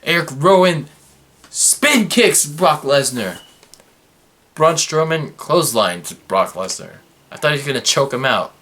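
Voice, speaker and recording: A young man, a wrestling review vlogger, goes over an episode in a relaxed, conversational recap. His pitch jumps around widely as excitement and sarcasm take hold, and his energy rises and falls. He comes across as a fan ranting to his audience.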